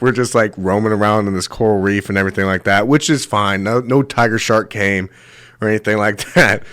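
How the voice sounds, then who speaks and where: Low-voiced young man telling crude stories. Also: a bit bright, dry recording, clean studio sound. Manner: crude, rambling, swears a lot and laughs at his own stories. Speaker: show host. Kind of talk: comedic storytelling monologue.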